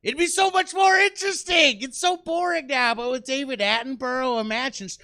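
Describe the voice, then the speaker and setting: A man's voice: very high-pitched, brisk, pushed and bright. A man doing stand-up comedy in a small theater, ranting in an exasperated, self-deprecating way to a live audience.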